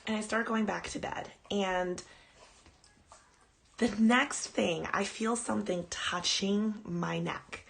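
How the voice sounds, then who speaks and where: A woman's voice: medium pitch, takes it slowly, vocal fry, a little hiss or hum. A woman podcast host casually telling a personal ghost story on a live stream, rambling and chatty. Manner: chatty, rambling, breaks off to coo at her dog.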